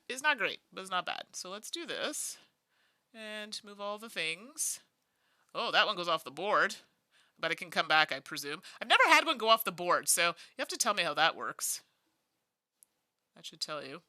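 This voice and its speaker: Chatty woman thinking aloud, bright voice. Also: on the low side, no echo, clean studio sound. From Canada. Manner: thinks aloud while playing, chatty asides to viewers. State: tired. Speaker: host. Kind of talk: casual solo board game playthrough.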